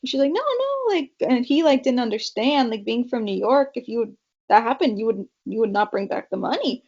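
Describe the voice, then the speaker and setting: A woman's voice: fairly high pitch, a little fast, a little mellow, breathy edge. A young woman from California chatting as a podcast guest, telling family stories with lots of fillers and quoted voices. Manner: chatty storyteller, quotes her parents, many fillers. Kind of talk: casual interview chat. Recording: dull lo-fi podcast audio.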